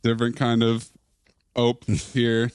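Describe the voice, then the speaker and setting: A man's voice: medium pitch, completely flat delivery, takes it slowly, a little mellow, clear, resonant tone, dry recording. A man co-hosting a podcast, riffing and joking in casual comedic chat. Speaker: podcast co-host.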